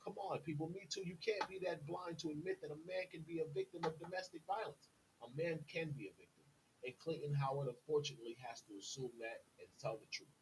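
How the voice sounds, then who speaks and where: A man's voice: fairly high pitch, quick pace, a little hiss or hum, low-quality recording. Indignant man lecturing his listeners. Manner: indignant, insistent, keeps addressing listeners as "people". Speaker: podcast host. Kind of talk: direct-to-camera monologue.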